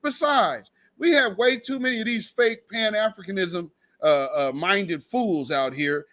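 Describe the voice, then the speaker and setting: High-voiced man ranting bluntly. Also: a little slow. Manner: blunt, animated, profane. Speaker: host. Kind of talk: casual commentary.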